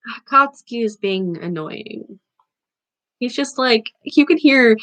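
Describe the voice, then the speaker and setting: A woman reads a novel aloud for a book club, pausing to correct her own slips. Her voice is bright and sits a little high. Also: expressive, poor audio.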